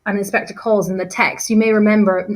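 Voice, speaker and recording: A woman's voice: medium pitch, level tone, fast talker, rough recording. Chatty woman teacher recapping a play. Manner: chatty, self-deprecating, many fillers and restarts. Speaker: English teacher. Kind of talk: casual revision lesson chat.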